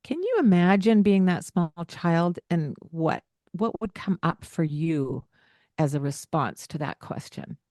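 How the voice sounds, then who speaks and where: Woman podcast co-host, unhurried and earnest, low voice, dry close mic. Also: animated, warm tone, dry recording. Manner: earnest, explanatory, with frequent light laughs. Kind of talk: casual podcast chat.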